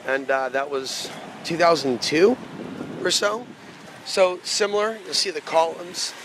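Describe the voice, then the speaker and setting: Male vlogger in his thirties, slightly high voice, rambling casually to a handheld camera over street noise. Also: unhurried. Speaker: vlogger filming a walking tour. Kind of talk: casual walking-tour vlog. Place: outdoors on city streets. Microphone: handheld camera mic. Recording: outdoor city noise. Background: street traffic noise.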